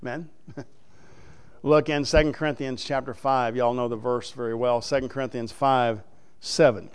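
A middle-aged man preaching a folksy, emphatic sermon to his congregation, sometimes rising into loud, high exhortation. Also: fairly even intonation, measured pace, clean tone.

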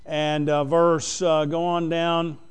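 Male preacher, slightly high, smooth and resonant, halting plain-spoken sermon delivery. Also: flat delivery. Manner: plain-spoken, reads scripture aloud, many pauses and fillers. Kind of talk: sermon, Bible exposition.

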